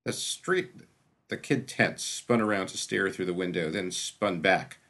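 A man narrating a fantasy story in an expressive storytelling manner. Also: low voice, moderate pace. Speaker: audiobook narrator. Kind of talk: scripted fiction narration.

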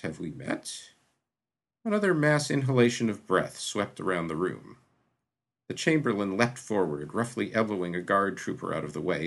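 Gravelly-voiced man narrating a story. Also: low voice, a bit bright, poor audio. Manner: measured, dramatic reading. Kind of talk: audiobook narration.

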